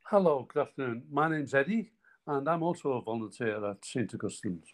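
A man from Liverpool with a Scouse accent, a volunteer speaking in a relaxed way in an interview. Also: medium pitch, a little fast. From Liverpool, England. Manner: relaxed and unprepared.

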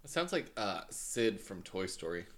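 A man's voice: deep voice, sing-song, moderate pace, a bit bright. A man co-hosting a casual chat, cracking crude teasing jokes. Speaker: podcast co-host. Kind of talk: casual banter.

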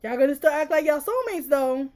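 Brisk and high-pitched, this female podcast co-host discusses a book in a relaxed, sassy way. Her tone is lively and frequently exasperated.

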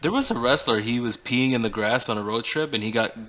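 A man's voice: mid-range voice, brisk, slight background noise. A man co-hosting a casual podcast, telling stories animatedly and acting out quoted lines. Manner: animated storyteller, acts out quotes. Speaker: podcast co-host. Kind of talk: casual chat.

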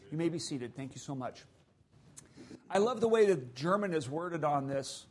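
A man's voice: a little high, moderate pace, husky. A middle-aged man, a missionary guest preacher, giving a conversational sermon to a congregation with asides and jokes. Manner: conversational preaching, animated and joking.

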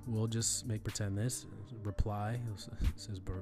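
Over music, a man with a fairly low voice and little pitch movement talks at a measured pace through a screen-recorded email etiquette tutorial. His teaching is loose and conversational, with frequent restarts, repeated phrases, and fillers.

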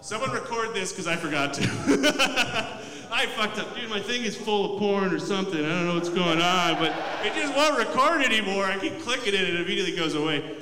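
A man's voice: high voice, lively intonation, brisk, crowd noise. A young man doing a loose, profane, self-mocking stand-up set in a comedy club. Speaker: stand-up comic. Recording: echoey club room mic.

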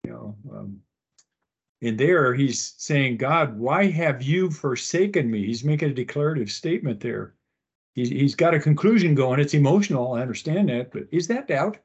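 A man's voice: medium pitch, lively intonation, normal speed, creaky, darkish tone, husky. A man on a church panel asking the group earnest questions. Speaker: panel member. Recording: slightly dull sound.

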